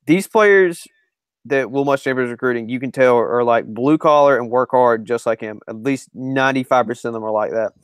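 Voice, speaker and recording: A man's voice: mid-range voice, clear, resonant tone, no echo. A man co-hosting a casual sports podcast, talking through his thoughts and often correcting himself. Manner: rambling, self-correcting. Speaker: podcast co-host and writer.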